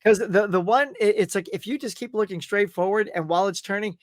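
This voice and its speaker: A man's voice: high-pitched, brisk, no room sound, studio quality. A man hosting a casual interview, talking enthusiastically, laughing often and rambling through his stories. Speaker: podcast host.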